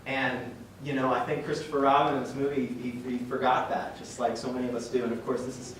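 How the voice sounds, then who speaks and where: A man's voice: medium pitch, flat delivery, brisk, a bit bright. A young man giving an earnest, emotional faith talk to a church group, rambling with restarts and chuckles. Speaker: guest speaker at a parish talk. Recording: very echoey hall from far off, noisy.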